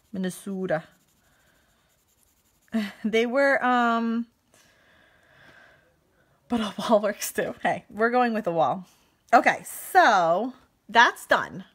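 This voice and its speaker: A woman's voice: fairly high pitch, a bit bright. A woman in her thirties demonstrating card making on a live stream, chatting and laughing as she answers viewer comments.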